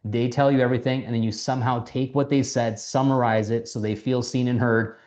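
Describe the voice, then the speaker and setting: A man casually coaching people on sales, lively, acting out quoted conversations, and swearing now and then. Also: medium pitch, a little fast. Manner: animated, acts out quoted dialogue, swears casually. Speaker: mentor teaching sales.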